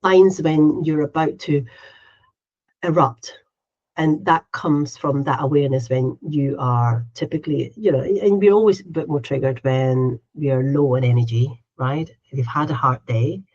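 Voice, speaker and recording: On lo-fi audio, a woman with a low, darkish voice talks a little slowly as co-host of a laid-back podcast. Her chatter runs on, peppered with "right?" tags and small quoted bits of her own inner voice.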